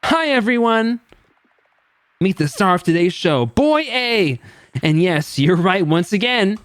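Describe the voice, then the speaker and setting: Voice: mid-range voice, lively intonation, slow, no echo, pitched above the performer's own voice. A streamer voicing a gleeful, sadistic game-show host in a game, with mocking showman patter. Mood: showy. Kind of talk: reading game dialogue aloud.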